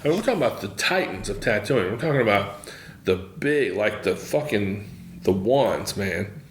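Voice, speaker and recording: A man's voice: on the low side, animated, moderate pace, slight background noise. A man hosting a podcast, talking in an enthusiastic, rambling, profane way. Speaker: podcast host. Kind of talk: casual monologue. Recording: echoey room.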